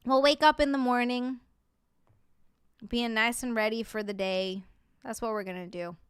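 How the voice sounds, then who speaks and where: A woman's voice: a little high, fairly even intonation, normal speed, smooth. A young woman hosting a live stream, chatting giddily and effusively thanking her viewers. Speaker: livestream host. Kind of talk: casual live stream chat.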